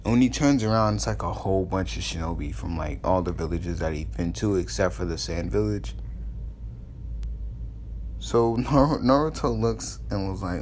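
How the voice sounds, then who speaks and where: A man's voice: low voice, moderate pace, a little mellow, a little hiss or hum. A man casually retelling a fan story, rambling with lots of fillers. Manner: rambling, full of fillers and restarts.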